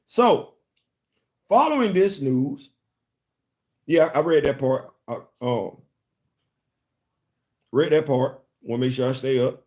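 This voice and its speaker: This comics commentary host has a medium-pitched voice and a measured pace broken by long pauses. On his casual live stream he's animated, repeating words, laughing, and stopping to greet and chat with viewers.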